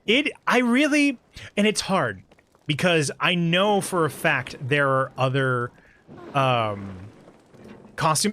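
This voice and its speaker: Woman streamer for a casual game stream: lively swooping pitch, quick to laugh, swears freely. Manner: excitable, laughs often, swears, reads chat aloud. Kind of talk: casual live-stream chat.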